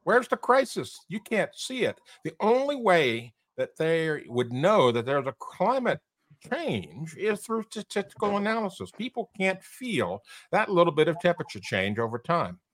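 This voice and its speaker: A man hosting a panel talk, his fairly high voice swinging up and down with each rhetorical question. The sound is dry and close, with no room around it. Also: moderate pace, dry recording. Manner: animated, fond of rhetorical questions. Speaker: show host. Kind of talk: panel discussion commentary.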